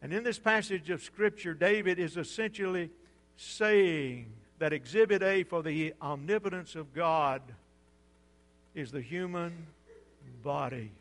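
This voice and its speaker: A high-pitched male preacher delivers his sermon with rising, booming lists that fall away to near-whispers. His voice rings out with a long reverb tail, as in a large hall. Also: unhurried. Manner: preaching with dramatic swells and hushed drops. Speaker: pastor.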